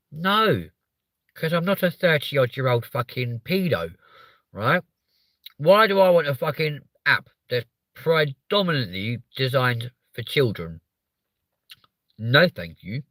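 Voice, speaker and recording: A man's voice: mid-range voice, very animated, a little slow, a bit bright, dry recording. A young man hosting a live stream, chatting with viewers in a sweary, joking, rambling way. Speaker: live show host.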